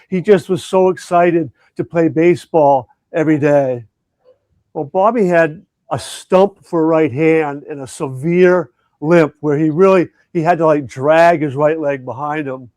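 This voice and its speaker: A middle-aged man, an education coach, telling a personal story in an interview, earnest and reflective with halting restarts. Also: on the high side, a little mellow, dry recording. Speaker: education coach and conference speaker.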